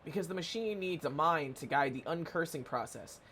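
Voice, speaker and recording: A man's voice: on the high side, animated, a little fast, sharp tone, slight background noise. A man voicing a chatty game character who patiently explains a strange machine. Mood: explaining.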